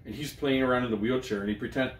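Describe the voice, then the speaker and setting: A man's voice: mid-range voice, steady tone, very fast, echoey room. Joking, profane man. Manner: loose, profane, jokey, with many restarts. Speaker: podcast co-host. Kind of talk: casual chat.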